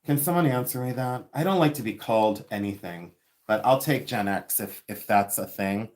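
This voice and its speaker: A man's voice: lowish voice, normal speed, a little mellow. A man in his fifties from Ohio, hosting a rambling, chatty livestream and talking with viewers. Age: 50s. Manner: chatty and rambling, laughs often. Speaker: livestream host selling vintage jewelry. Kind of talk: casual live chat with viewers.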